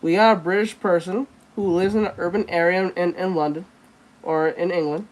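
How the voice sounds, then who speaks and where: A woman's voice: fairly low pitch, steady tone, fairly quick. A woman artist chatting casually while she draws, rambling and blunt with plenty of swearing. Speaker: artist streamer. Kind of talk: casual chat while drawing.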